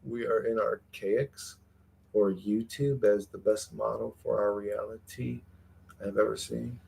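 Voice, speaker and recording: A man's voice: fairly low pitch, steady tone, unhurried, gravelly, darkish tone. A man hosts a casual livestream and chats loosely with his viewers. He rambles, swears often, and repeats words as he starts his sentences. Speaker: livestream host reading chat.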